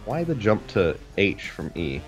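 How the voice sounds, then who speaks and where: A man's voice: fairly low pitch, very animated, measured pace, soft background music. A man co-hosting casual gaming commentary, joking and teasing.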